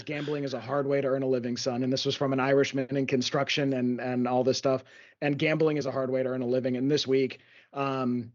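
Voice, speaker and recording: A man co-hosting a sports betting podcast, telling stories and recapping games in a rambling, enthusiastic way. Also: mid-range voice. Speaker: podcast co-host. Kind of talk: casual sports betting chat. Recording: dull lo-fi audio.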